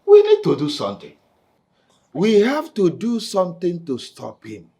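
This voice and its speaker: A slow, raspy Nigerian chief, dramatic and aggrieved. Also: male voice, high-pitched, wildly swooping pitch, mellow, full character voice. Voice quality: gravelly, raspy. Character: aggrieved titled elder, dramatic complainer. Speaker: titled man recounting an assault. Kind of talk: Nollywood film acting.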